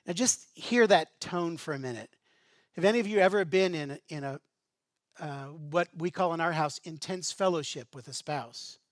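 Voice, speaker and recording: Brief: male pastor, sermon, conversational and searching, fairly high voice, dry close mic. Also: moderate pace, dry recording. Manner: conversational, asks the congregation rhetorical questions.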